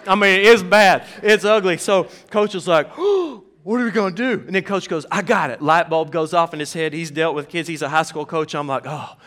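A man's voice: on the high side, fairly quick, few pauses. A man with a Southern US accent preaching a sermon in a church, telling stories animatedly and acting out the quotes. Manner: animated storyteller, acts out quotes. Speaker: pastor.

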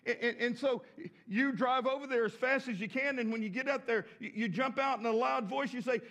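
A pastor from the States, preaching a sermon with emphatic rises and repeated words. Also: male voice, extremely high pitch, a little fast, a bit bright. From southern United States.

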